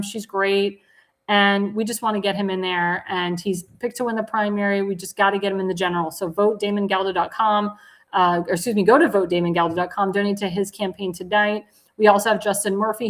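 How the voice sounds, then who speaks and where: Woman talk show host; enthusiastic, promotional, repetitive donation pitches, self-correcting. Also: rough recording. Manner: corrects herself mid-sentence. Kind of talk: live political talk show.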